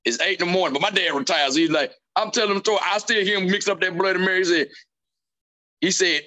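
A man's voice: sits high, fast talker, bright, forceful tone. A man, hosting a casual chat and retelling family stories, acting out his dad's lines. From southern United States. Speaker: podcast host.

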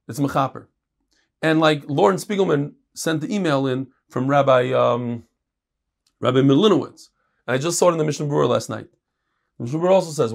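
Man, casual Talmud teacher, gravelly voice. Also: on the high side. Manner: reads quick Aramaic passages, then explains them in casual English. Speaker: Torah teacher. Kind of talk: Talmud class.

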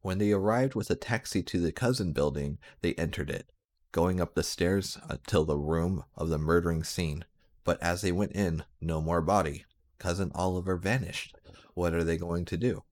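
A man's voice: sits low, normal speed. A man doing a sarcastic, mocking reading of a badly written story. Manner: sarcastic, breaking into laughter. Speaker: reader. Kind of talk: mocking dramatic reading of bad fan fiction.

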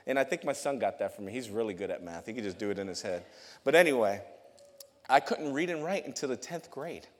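A male youth pastor giving a testimony sermon to his congregation in a church, telling his story in a lively way, often laughing and repeating words. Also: medium pitch, a little fast. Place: church sanctuary. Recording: long hall reverb.

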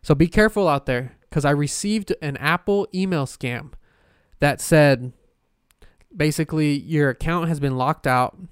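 A man's voice: fairly high pitch, unhurried, clear, resonant tone, dry recording, studio quality. A man hosting a casual solo podcast, rambling with lots of fillers, restarts and swearing. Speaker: podcast host.

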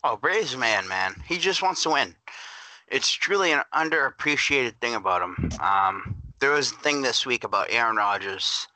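A man's voice: medium pitch, animated, moderate pace, sharp tone, dry recording, rough recording. A man on a casual sports podcast, joking and ranting over his own mic. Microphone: own mic on a call.

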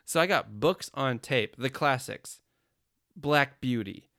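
A man's voice: medium pitch, lively intonation, slow, pushed and bright. A man in his thirties co-hosting a podcast, joking casually and laughing often. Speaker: podcast co-host. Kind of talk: casual chat.

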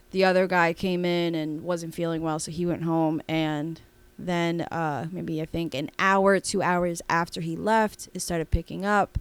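A woman co-hosting a podcast, telling a story in a rambling, animated way with lots of fillers and restarts. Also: fairly low pitch, smooth, no echo. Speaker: podcast co-host. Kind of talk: casual storytelling chat.

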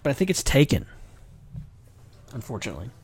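A man's voice: medium pitch, wildly swooping pitch, brisk, a little mellow, husky. A man hosting his own podcast, chatting casually in a rambling, self-deprecating, jokey way. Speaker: podcast host. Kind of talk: casual livestream chat.

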